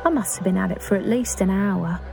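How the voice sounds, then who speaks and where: A woman's voice: mid-range voice, fairly quick, gravelly, over music, lightly acted. An actress playing an earnest, awkward young woman in love. She speaks in a chatty, confiding, self-conscious English voice in a dramatic monologue. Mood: excited.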